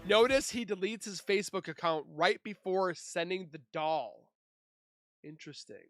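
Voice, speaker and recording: Guy w/ a pretty high voice reading a timeline out loud, snarky little comments between, faint music under it. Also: normal speed, no echo, clean studio sound. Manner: sarcastic, scornful asides. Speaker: true crime YouTuber.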